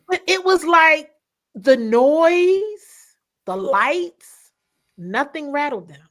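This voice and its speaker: A woman sports reporter sits in as a guest, her voice a touch high and full of animation. She slips into quoted voices as she tells her stories, loose and conversational. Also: lively intonation, very slow, pauses often, fairly bright tone. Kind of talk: casual podcast chat.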